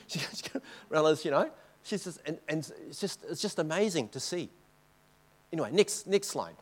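A man with a fairly high voice gives a relaxed, chatty church talk over slides. He tells mission stories in a loose, conversational way. He keeps pausing to make sure the audience is following along. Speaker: missionary speaker.

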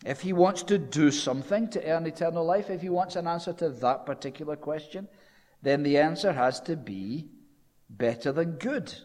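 A fairly high-voiced man delivers a sermon with lively storytelling. He dips to a low, hushed tone for quoted lines. His voice carries a long reverb from a large hall. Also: moderate pace. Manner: animated storytelling, dropping low and quiet for quoted speech. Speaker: preacher.

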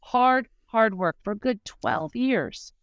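A woman's voice: on the high side, expressive, slow, clear, resonant tone, dry recording, muffled recording. A middle-aged woman speaking as a guest, telling a personal story in an earnest, heartfelt way with frequent fillers. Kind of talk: casual conversational testimony.

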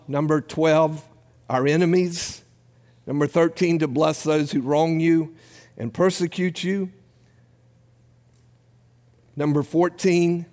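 A man preaching a sermon, giving a numbered list with rising emphasis and then leading the congregation in prayer. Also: a little high. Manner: preaching with rising emphasis and a quiet, slowed close. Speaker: pastor. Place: church sanctuary. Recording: long hall reverb.

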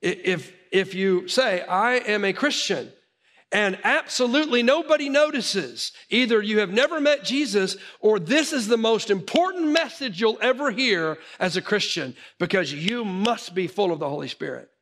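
A middle-aged man delivers a sermon in a high-pitched voice. He tells animated personal stories and often stumbles and restarts his sentences as he goes. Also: normal speed. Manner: animated storytelling with frequent restarts. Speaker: pastor.

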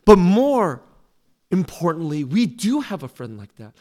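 A middle-aged pastor preaching an earnest, pleading sermon in a fairly high voice. He pushes louder on the phrases he wants to land and leans into direct questions to his listeners. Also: big pitch swings, a little slow. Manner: drops to a soft, low close in prayer.

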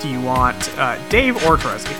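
A man's voice: mid-range voice, big pitch swings, brisk, music in the background. A man co-hosting a podcast in casual chat, dry and laconic. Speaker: podcast co-host.

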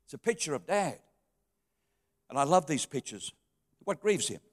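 A middle-aged man preaching a sermon, telling heartfelt stories and shifting from soft, quiet passages to lifted, emotional ones. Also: on the high side, sing-song, normal speed. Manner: heartfelt storytelling, dropping soft then rising. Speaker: pastor. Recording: long reverb of a hall.

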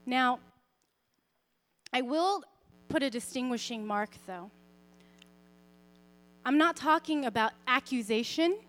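Gentle, expressive young woman, fairly high. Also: slow, long pauses. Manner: expressive, often softening to a quiet, gentle tone; conversational, with fillers and self-corrections. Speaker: Christian speaker sharing a parenting story. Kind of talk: personal faith talk.

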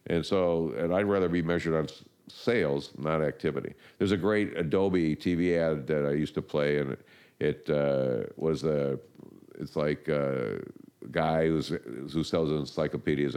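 Older male interview guest, deep voice, casual and rambling. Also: clear, resonant tone. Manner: rambling, animated storytelling with restarts. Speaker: marketing guest.

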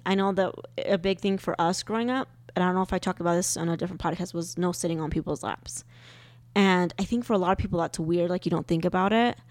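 A young woman co-hosting a podcast with her husband, chatty and quick to laugh, emotional as she talks about children. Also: on the low side, a little mellow, no echo. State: pregnant. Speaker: podcast co-host. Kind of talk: casual chat.

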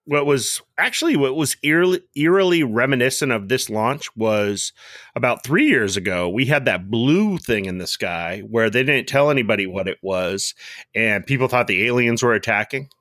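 A man's voice: mid-range voice, lively intonation, moderate pace, a bit bright, no echo, clean studio sound. A man co-hosting a casual podcast, telling rambling stories with lots of fillers and restarts. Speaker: podcast co-host.

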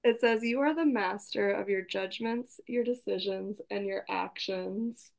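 Upbeat woman podcast host with a gravelly, fry-heavy voice, steering a friendly chat. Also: medium pitch, unhurried. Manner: upbeat and encouraging, leading the conversation.

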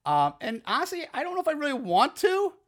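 A man's voice: very high-pitched, huge pitch swings, quick pace, fairly bright tone. A man co-hosting a podcast, rambling through crude, laughing asides about a horror movie. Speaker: podcast co-host. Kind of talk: casual profane movie discussion.

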